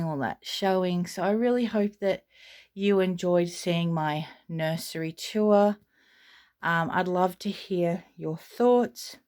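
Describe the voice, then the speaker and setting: Soft-spoken Australian woman touring a nursery. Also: fairly low pitch, fairly even intonation, a little slow. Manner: soft-spoken, gushing, rambling with fillers. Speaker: vlogger. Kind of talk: casual home tour narration. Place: home nursery room.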